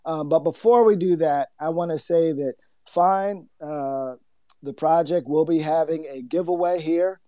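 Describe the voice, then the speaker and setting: A man hosting an online audio chat who talks in a halting way, with many fillers, as he lays out rules. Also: on the high side, mellow, dry recording, studio quality. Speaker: host of an online audio space. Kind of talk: casual announcement.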